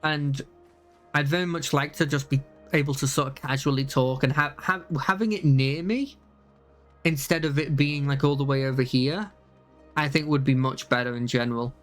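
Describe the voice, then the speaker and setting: A man's voice: medium pitch, steady tone, moderate pace, soft background music. A young man chatting casually on a live stream, rambling with many fillers and restarts.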